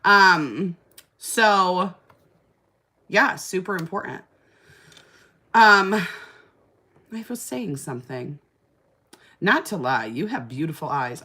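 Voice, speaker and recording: A woman's voice: low voice, animated, unhurried, bright, forceful tone. A woman, chatting casually on a live stream, answering comments and gushing about skincare sales. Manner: chatty, gushing, fillers like "like" and "oh my gosh".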